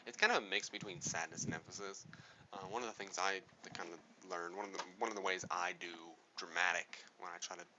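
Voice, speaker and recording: A man's voice: sits low, fairly even intonation, fairly quick, highs cut off, noisy background. A man giving a casual spoken tutorial on speaking, rambling and correcting himself as he goes. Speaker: speaking coach.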